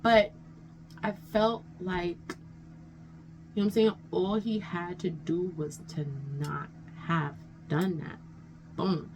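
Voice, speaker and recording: Gravelly woman rambling through a storytime. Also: on the low side, fairly even intonation, slow pace, long pauses. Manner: rambling, conversational, frequent "you know what I'm saying". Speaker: vlogger telling a story. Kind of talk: casual storytime chat. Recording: faint background noise.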